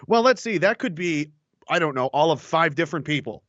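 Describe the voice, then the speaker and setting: A man's voice: on the high side, animated, a little fast, fairly bright tone, no echo, highs cut off. A man co-hosting a casual political chat show, sarcastic and swearing freely with frequent laughs.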